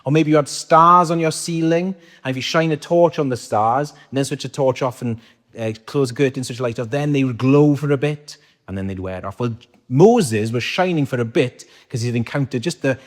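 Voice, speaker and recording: A man with a mid-range voice preaches at normal speed, chatting with the congregation through frequent questions. The recording carries the long reverb of a church hall.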